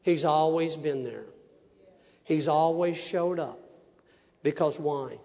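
A male minister preaching a testimony sermon, voicing each exchange with animation. His voice sits high for a man. The sound hangs in a long church reverb. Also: slow pace, long pauses. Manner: animated storyteller acting out dialogues. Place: church sanctuary.

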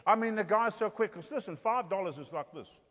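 A man's voice: high-pitched, a little fast, fairly bright tone. A middle-aged man preaching with humour, telling stories and acting out the dialogue. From South Africa. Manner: playful, acts out dialogue, rhetorical "Hello?" asides. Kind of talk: humorous storytelling sermon. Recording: long hall reverb.

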